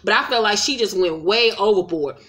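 A woman's voice: medium pitch, fairly quick, fairly bright tone. A woman recapping a reality show in a casual vlog, blunt and profane, retelling scenes with mocking quoted voices.

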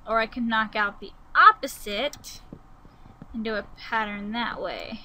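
A young woman giving casual gameplay commentary, musing aloud as she builds and breaking into sudden excited outbursts. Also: fairly high pitch, unhurried, low-quality recording. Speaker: Let's Play gamer.

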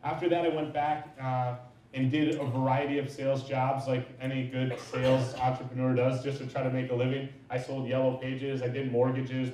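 A business owner in his thirties gives an informal lecture in a large, echoey room, rambling through anecdotes full of fillers. His voice is mid-range and a little mellow, picked up from far off in the hall.

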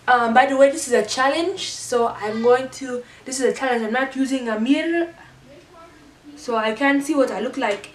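Halting middle-aged woman in a roomy space. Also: high voice. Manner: halting, rambling and playful, with many restarts. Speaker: mother doing a makeup challenge. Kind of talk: casual makeup tutorial. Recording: roomy echo, a little distant from the mic, faint background noise.

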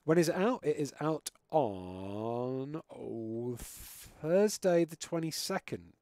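A man's voice: a little high, lively intonation, slow pace, a little mellow, no echo. Dry-voiced British man streaming games. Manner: chatty, swears freely, jokey. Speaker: game streamer. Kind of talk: casual chat while gaming live.

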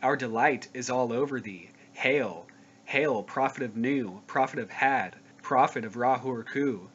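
A man's voice: medium pitch, measured pace, fairly bright tone, breathy edge. Man reading scripture in a grave, declamatory voice. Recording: dull lo-fi recording with faint noise.

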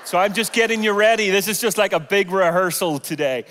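A middle-aged Irish man preaching a sermon in a big church auditorium, his voice pitched high for a man. He is animated and full of jokes as he warms up the congregation. A long hall reverb hangs on every line. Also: brisk, slight background noise. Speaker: guest pastor.

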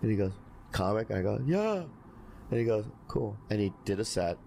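A man's voice: fairly low pitch, big pitch swings, fast talker, vocal fry, mellow, slight background noise. A man telling a story on a podcast, acting out the lines other people said. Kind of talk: anecdote on a podcast.

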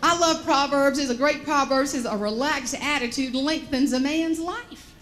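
A woman with a Southern American accent giving a motivational keynote. She tells funny family stories in a folksy, animated way. Her voice sits a little high. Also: normal speed, a faint crowd. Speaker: motivational speaker. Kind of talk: humorous keynote storytelling.

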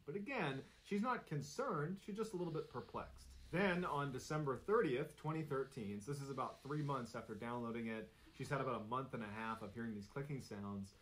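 A man's voice: medium pitch, a little hiss or hum, poor audio. Suspenseful male true-story narrator. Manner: steady, suspenseful, detailed retelling.

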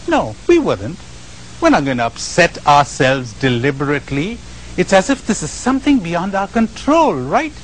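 A man giving a spiritual lecture to a live audience, animated and questioning, often asking the listeners questions and acting out the voices of the people he describes. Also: fairly high pitch, slight background noise, rough recording. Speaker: spiritual teacher.

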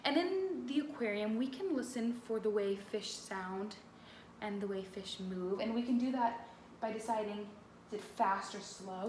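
A woman music teacher giving an animated lesson to young children, talking to them directly and expressively. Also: medium pitch, measured pace, echoey room, slight background noise.

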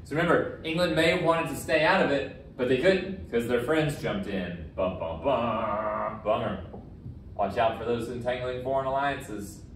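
A man's voice: medium pitch, normal speed, a bit bright. A male history teacher talking casually through practice exam questions, with a joking, sarcastic streak. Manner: casual and jokey, self-described as sarcastic. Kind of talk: recorded lesson walking through practice questions. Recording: roomy echo, distant from the mic, faint background noise.

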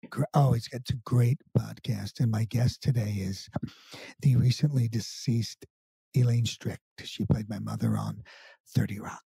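A man doing an impression of a famous actor hosting a podcast, in a low, breathy, near-whispered voice over a video call. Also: big pitch swings, unhurried, mellow, no room sound, exaggerated voice. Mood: hushed, suave. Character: impression of a famous male actor hosting a radio-style podcast, hushed and velvety.

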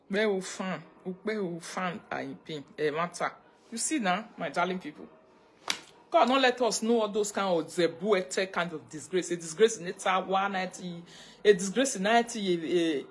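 A woman's voice: lowish voice, slightly rough. A woman with a Nigerian Pidgin accent hosting a casual live stream, greeting viewers and chatting, sometimes breaking into chanted prayer lines, speaking into a phone. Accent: Nigerian Pidgin English.

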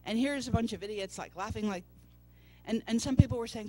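A woman's voice: fairly high pitch, brisk, dark tone, faint music behind. A woman preacher telling a personal testimony in a church service, storytelling and acting out the voices of people she quotes. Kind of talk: testimony sermon.

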